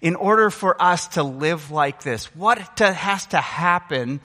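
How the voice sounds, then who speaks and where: A man's voice: a little high, lively intonation, a little slow, pushed and bright. A middle-aged man preaching a sermon as pastor, earnest and emphatic, his delivery rising and falling. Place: church sanctuary. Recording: long hall reverb.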